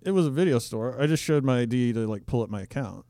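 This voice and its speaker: A man's voice: mid-range voice, expressive, fast, mellow, dry recording, studio quality. A man co-hosting a podcast, telling understated stories in casual banter. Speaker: podcast co-host.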